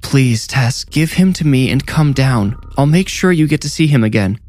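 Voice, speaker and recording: A man's voice: mid-range voice, lively intonation, normal speed, darkish tone, faint music behind, pitched above the performer's own voice, natural voice. A man voicing a pleading headmistress. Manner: pleading, urgent, tender. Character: stern middle-aged orphanage headmistress.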